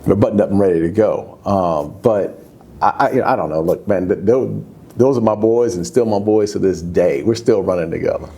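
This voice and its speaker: Man, fifties, former football player, low warm voice, casual storytelling, excited high jumps in pitch. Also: brisk. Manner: animated, rises high when excited, casual slang. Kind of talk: candid conversational storytelling.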